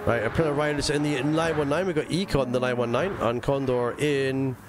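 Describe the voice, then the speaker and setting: A man's voice: mid-range voice, steady tone, a little fast, crowd noise. A man with a mixed English and Scottish accent streaming a racing game live, chatting casually to his viewers with lots of fillers. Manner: chatty, rambling, talks to chat with fillers. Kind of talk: live gaming stream chat.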